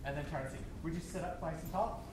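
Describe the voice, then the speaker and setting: Energetic man leading a choir rehearsal. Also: fairly high pitch, fast. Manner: energetic, encouraging, demonstrates phrases by singing and chanting. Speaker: choir director. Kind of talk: teaching a choir rehearsal workshop. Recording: echoey room with background noise.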